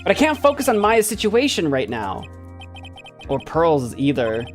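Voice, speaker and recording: A man voicing a young male defense attorney in a game, talking in a quick, flustered way. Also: fairly high pitch, wildly swooping pitch, faint music behind.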